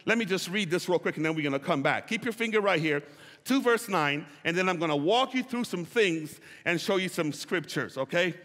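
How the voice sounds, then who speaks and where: A man's voice: sits high, expressive, a little fast, fairly bright tone. A male pastor preaching a sermon, calling on the congregation to repeat phrases and stretching out key words for emphasis. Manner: call-and-response preaching, drawing out key words. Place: church sanctuary. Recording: reverberant church hall. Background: long hall reverb.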